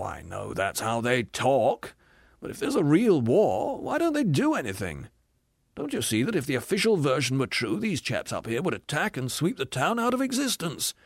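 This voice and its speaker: A man's voice: medium pitch, no room sound, clean studio sound. A man putting on a sneering, bitter ghost. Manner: sneering, scornful, ranting complaints. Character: bitter, cynical, hard-bitten male ghost.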